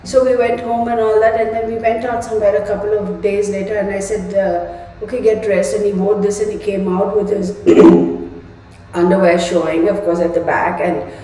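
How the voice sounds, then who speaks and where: A woman's voice: mid-range voice, flat delivery, moderate pace, dark tone. Chatty woman ranting in an echoey room. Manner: chatty, ranting storyteller, laughs often. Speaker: tarot reader, live stream host. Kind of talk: casual live-stream chat. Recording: echoey room, voice from far off the mic.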